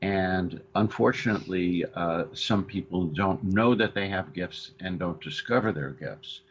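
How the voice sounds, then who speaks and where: A male co-host on a counseling radio show, speaking haltingly with many restarts. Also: low voice. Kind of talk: radio talk show discussion. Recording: dull lo-fi radio audio with faint hiss.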